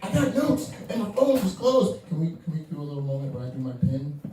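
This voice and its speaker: Rowdy tipsy New comedian, yelling. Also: male voice, a little high, sing-song, quick pace, background noise. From New York. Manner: loud, profane, slurring, yelling. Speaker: comedian debater. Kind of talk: drunk stand-up debate. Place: comedy club stage. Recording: echoey room, far from mic.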